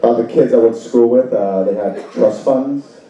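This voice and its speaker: A man doing a stand-up set on stage, Spanish his first language, lively and quick to slip into put-on voices, with an audience laughing. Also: highs cut off. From Salvadoran and Brazilian family. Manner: animated, jumps into high put-on voices for bits. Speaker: stand-up comedian. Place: comedy club stage. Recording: distant mic in a noisy, echoey club.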